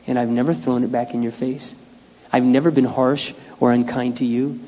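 A man voicing God as a calm, gentle male inner voice, speaking softly and patiently, in a dull lo-fi recording with a long hall echo. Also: medium pitch, normal speed, lightly acted. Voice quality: soft, still and calm.

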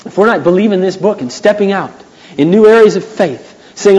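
A man pastor preaching a sermon, emphatic and repeating phrases, building to loud preaching. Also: sits high, animated, a little fast. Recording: long hall reverb.

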